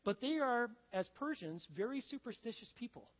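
A man's voice: very high voice, animated, moderate pace. A male pastor preaching a sermon in a conversational, storytelling way, acting out the scenes he describes. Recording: dull sound with long reverb.

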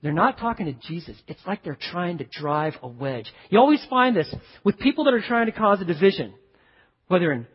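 A male pastor preaching a sermon in a lively, conversational way with frequent asides to the congregation. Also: sits high, brisk, slightly rough, big-room sound, muffled recording.

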